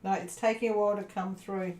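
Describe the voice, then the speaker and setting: A woman hosting a crafting livestream speaks briskly in a steady, medium-pitched voice with a darkish tone. She chats casually with viewers and mutters to herself as she crafts. Faint background noise and room echo are audible.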